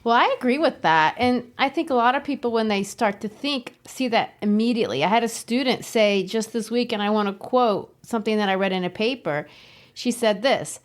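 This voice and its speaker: A woman with a fairly high voice co-hosts a literature podcast. She is a teacher and talks in an upbeat, chatty way, laughing easily. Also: a little fast. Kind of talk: casual literary discussion.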